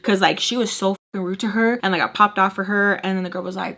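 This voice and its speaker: A woman's voice: medium pitch, fairly even intonation, racing, a bit bright. A young woman in her twenties telling a casual storytime, chatty and profane, acting out what people said. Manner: chatty, profane, acts out quotes. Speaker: storytime vlogger.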